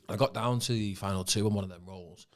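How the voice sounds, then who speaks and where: A man with a Manchester accent, an actor guest in casual podcast chat, relaxed and swearing now and then, often trailing off mid-sentence. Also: lowish voice. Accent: Mancunian.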